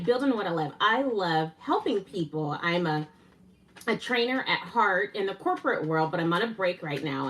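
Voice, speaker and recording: A woman hosting a casual live stream, excitable and a little winded, laughing often and gushing with thanks. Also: fairly low pitch, far from the mic. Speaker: livestream host.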